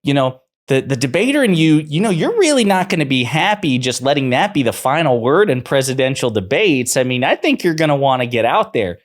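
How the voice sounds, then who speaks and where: A man's voice: mid-range voice, very animated, a little fast, few pauses, voice pushed up, lightly acted. A man mimicking a gushing woman whose sentences keep rising in sing-song inflection.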